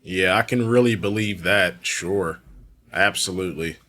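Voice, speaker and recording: A man's voice: low-pitched, measured pace, sharp tone. A man hosting a reaction commentary, speaking in a sarcastic, mocking way. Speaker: commentary host.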